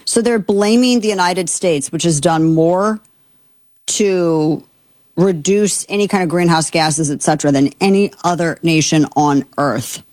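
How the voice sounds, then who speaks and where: A woman's voice: fairly low pitch, measured pace, darkish tone, no echo. A woman hosting political commentary, indignant and exasperated, talking with many fillers and restarts. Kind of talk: opinionated commentary.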